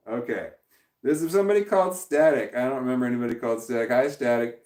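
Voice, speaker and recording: A man's voice: a little high, expressive, brisk, darkish tone. A man hosting a casual live stream, rambling as he reads chat messages aloud and laughs often, his voice prone to cracking when tired. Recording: echoey room, distant from the mic.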